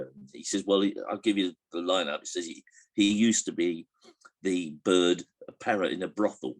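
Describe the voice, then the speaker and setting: Low husky older man. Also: moderate pace. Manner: hesitant, many restarts, chuckles while telling jokes. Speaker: interviewee recalling a comedian. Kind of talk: relaxed anecdotal interview answers.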